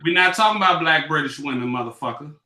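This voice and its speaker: A man's voice: a little high, expressive, quick pace, sharp tone. A man co-hosting a podcast, arguing in heated casual banter, combative and profane, firing off questions. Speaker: podcast co-host.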